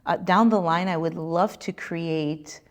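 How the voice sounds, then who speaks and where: A woman comedian answering interview questions at a convention, telling lively stories and slipping into quoted voices. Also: fairly low pitch, a little slow. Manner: lively storyteller who slips into quoted voices. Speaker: comedian and content creator.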